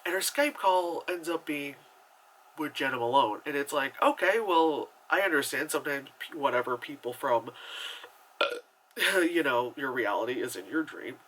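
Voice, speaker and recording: A man's voice: mid-range voice, animated, normal speed, fairly bright tone, poor audio. A man giving a casual spoken movie review, chatty and rambling, with lots of filler words, swearing and exasperated sarcasm.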